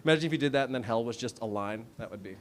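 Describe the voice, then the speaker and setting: A man's voice: mid-range voice, very fast. A man in his thirties performing a stand-up set on a comedy club stage, with a wry, self-deprecating, conversational delivery. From United States. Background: audience laughter.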